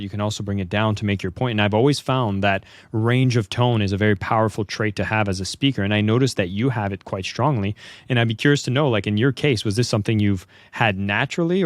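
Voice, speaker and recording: A man's voice: fairly low pitch, no echo. Reflective man hosting a podcast. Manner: reflective, thinking aloud with small restarts. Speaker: podcast host. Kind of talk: podcast interview.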